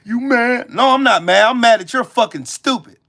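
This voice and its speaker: A man's voice: animated, fairly quick. A man hosting a live stream, angrily cussing out viewers in chat and answering them by name. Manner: angry, profane, cussing out viewers; swings between loud shouting and low muttering. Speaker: livestream host.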